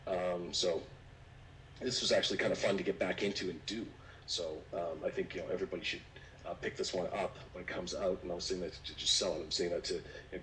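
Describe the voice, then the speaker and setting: A man presenting casually on a video call, relaxed and rambling with many fillers. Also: deep voice. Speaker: 3D artist presenter. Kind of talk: casual online meetup chat. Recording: distant mic with faint noise.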